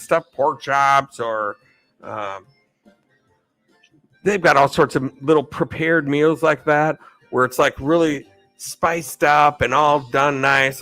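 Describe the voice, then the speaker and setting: A man's voice: mid-range voice, bright, forceful tone, no echo, low-quality recording. A man hosting a live stream, answering chat questions in a chatty way, laughing often and losing his train of thought. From United States. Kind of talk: casual chat.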